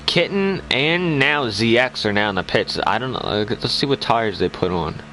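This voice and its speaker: A man's voice: medium pitch, expressive, normal speed, pushed and bright, a little hiss or hum, poor audio. A man giving casual live commentary on an online sim race, chatty and teasing, laughing often.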